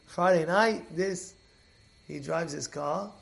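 A man teaching a Torah class as an animated storyteller who repeats and restarts his phrases. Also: high voice, normal speed, gravelly.

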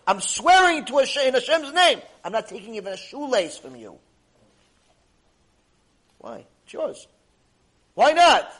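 A man with a high-pitched voice delivers a lively Torah lecture in laced with words. He slips into the voices of the people in his stories and hammers his points home by repeating phrases over and over. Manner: acts out quoted characters, repeats phrases for emphasis. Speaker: Torah teacher.

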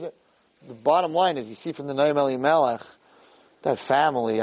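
A man in his fifties giving an animated Jewish ethics talk as a rabbi lecturer, repeating phrases for emphasis and dropping Hebrew and Yiddish terms. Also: moderate pace, gravelly, rough recording. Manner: animated, swings from low asides to high shouted quotes.

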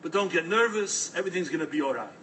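A man voicing a calm, reassuring old rebbe in a told story, speaking in a soothing, matter-of-fact way. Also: on the high side, fast talker, far from the mic, a little hiss or hum, poor audio.

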